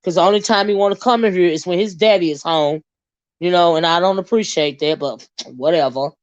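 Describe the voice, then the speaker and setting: A woman's voice: fairly low pitch, a little fast, no echo, muffled recording. A woman, chatting casually to her viewers, talkative and laughing often. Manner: chatty, laughs a lot, drawls "child" and "y'all". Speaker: vlogger.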